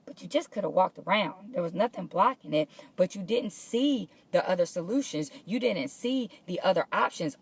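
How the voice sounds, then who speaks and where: A woman's voice: fairly low pitch, expressive, normal speed, hardly any pauses, slightly rough. A woman hosting a live morning motivational show from her workplace, talking casually and encouragingly to viewers and greeting them by name.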